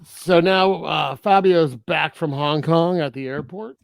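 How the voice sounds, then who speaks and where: A man's voice: fairly high pitch, takes it slowly, creaky, no echo. A man co-hosting a podcast, casually recapping a movie plot with lots of fillers and frequent laughs. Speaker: podcast co-host. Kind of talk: casual film review chat.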